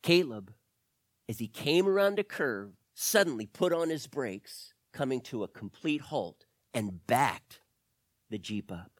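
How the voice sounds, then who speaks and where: A man's voice: mid-range voice, a little slow, dry recording, clean studio sound. A man telling an adventure story to children, talking to them directly. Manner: animated, addresses kids directly.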